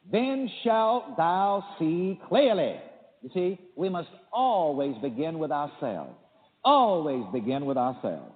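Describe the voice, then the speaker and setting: A male pastor preaching on a call-in radio show with emphatic delivery, leading the listeners in repeated affirmations. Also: medium pitch. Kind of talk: radio sermon. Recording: tinny phone line with hall echo.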